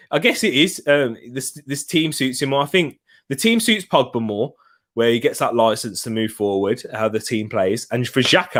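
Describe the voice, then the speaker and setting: A young man with a light Birmingham accent, chatting casually and excitedly through a live football watch-along stream and reacting to viewers' comments. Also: on the low side. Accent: Birmingham English.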